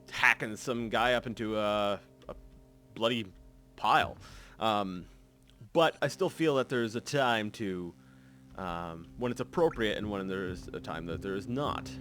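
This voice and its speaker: A man's voice: on the low side, a bit bright. A man hosting a let's play, casually rambling through gameplay commentary with lots of fillers and self-corrections.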